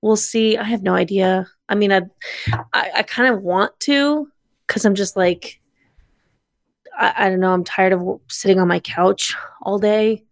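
A woman's voice: medium pitch, unhurried, vocal fry, dry recording, clean studio sound. Chatty woman full of fillers. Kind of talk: casual chat.

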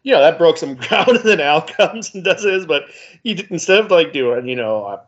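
A man's voice: on the high side, animated, moderate pace. 40s guy cohosting a podcast, rambly, says like a lot, kinda muffled audio. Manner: rambling, many "like"s, chuckling. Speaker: podcast co-host. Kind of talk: casual chat.

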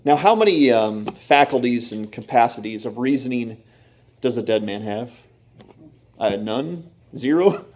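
A man preaching a sermon in a lively, animated way, often acting out the voices in the story he tells. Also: medium pitch, measured pace, a little hiss or hum. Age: young adult or middle-aged, father of children. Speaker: pastor.

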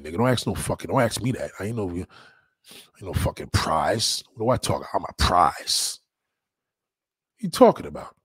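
A man's voice: fairly low pitch, dry recording, studio quality. Mocking, swaggering New man. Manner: loud, mocking, swaggering, heavy swearing. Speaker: live stream host. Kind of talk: profane live chat reading.

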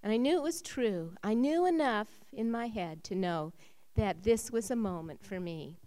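Woman telling a heartfelt personal testimony. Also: normal speed. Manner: emotional storytelling, rising when excited and dropping low when reflective. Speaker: speaker sharing a testimony.

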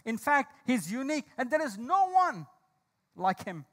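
Male pastor, very high voice, questioning sermon style, emphatic on key lines. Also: big pitch swings, a little slow, a bit bright. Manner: asks the congregation questions, calls on listeners by name.

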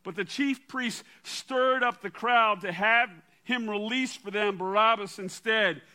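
A man preaching a sermon and reading scripture aloud in a dramatic way, dropping to a quiet low voice for emphasis. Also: measured pace. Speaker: pastor.

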